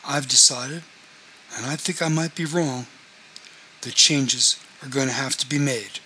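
A man's voice: mid-range voice, fairly even intonation, a little slow, pushed and bright, slight background noise, rough recording. A man reading a novel aloud, voicing a confrontational man who lays down rules for his housemates in a firm, demanding way.

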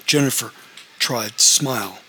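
A man reading a story aloud as the narrator, in a steady, even manner. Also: mid-range voice, a little slow, a little hiss or hum, rough recording. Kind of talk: audiobook narration.

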